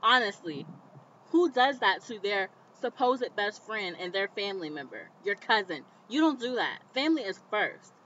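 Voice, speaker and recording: A woman vlogger recapping a TV episode in casual commentary, animated and indignant, talking straight to the viewer. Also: mid-range voice, normal speed, slight background noise. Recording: slightly dull lo-fi recording.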